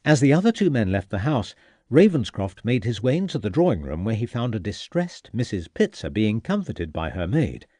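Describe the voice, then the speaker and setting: Dude reading a victorian mystery audiobook, really lively pitch, super dry close mic. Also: male voice, normal speed, dry recording. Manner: expressive, voices each character. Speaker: audiobook narrator. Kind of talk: scripted narration.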